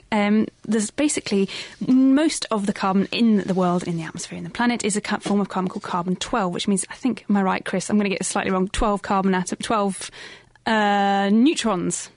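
A woman's voice: medium pitch, no echo. A woman co-hosting a science radio show, chatting casually and thinking aloud, often correcting herself. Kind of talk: casual studio chat answering questions.

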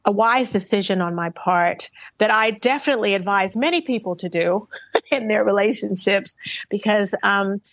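A middle-aged woman answers interview questions in a thoughtful, earnest way, her words measured. Her voice sits at an ordinary pitch. It is recorded close and dry, with no room sound. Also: no echo, low-quality recording. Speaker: interviewed singer. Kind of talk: reflective interview talk.

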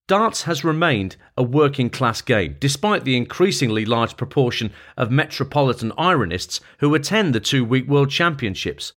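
A man narrating a long-form feature article as scripted narration, in a measured, even reading voice. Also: mid-range voice.

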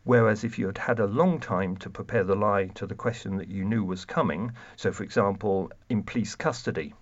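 Low-voiced man explaining research. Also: highs cut off. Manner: measured, explanatory, with fillers and restarts. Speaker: deception researcher guest. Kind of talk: expert explanation.

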